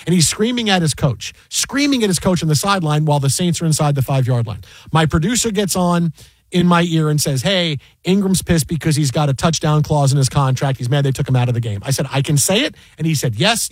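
A man who works as a sports broadcaster, casually recounting a work story in an animated, exasperated way. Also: fairly high pitch, brisk, breathy edge, no room sound. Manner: animated, exasperated retelling with repeated asides. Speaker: fantasy football broadcaster.

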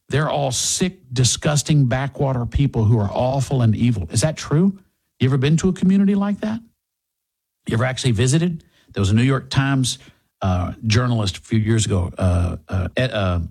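A man's voice: medium pitch, a little mellow, husky. A man hosting a talk radio show, delivering an emphatic, sarcastic monologue and a live sponsor read. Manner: emphatic, sarcastic, rising to indignant peaks.

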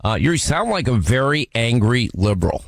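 A man's voice: mid-range voice, big pitch swings, normal speed, vocal fry, dry recording. A man hosting a call-in radio talk show, needling and mocking a caller in a brusque way.

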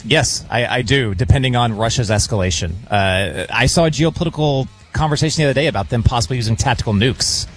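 A man's voice: mid-range voice, fast talker, few pauses, a bit bright, soft background music. A man guesting on a talk radio show, giving earnest, explanatory answers with small restarts.

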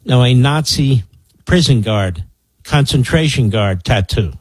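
A man's voice: mid-range voice, expressive, unhurried, breathy edge, no room sound, rough recording. A man in his sixties from the Philadelphia area, hosting political talk radio in a sarcastic, mocking, emphatic way. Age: 60s. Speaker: radio talk show host.

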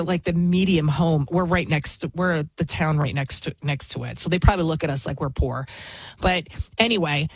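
A woman's voice: fairly low pitch, slightly rough, no echo, poor audio. Blunt, rambling woman, dry close sound. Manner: blunt, opinionated, rambling with restarts. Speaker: TV news host. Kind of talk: casual spoken monologue.

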